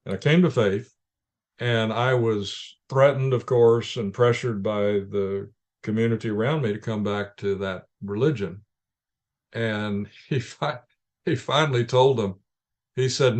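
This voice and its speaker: A man with a fairly low voice tells stories in an interview. He speaks calmly and in measured anecdotes, often restarting his sentences as he goes. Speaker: ministry leader guest. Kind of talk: interview storytelling.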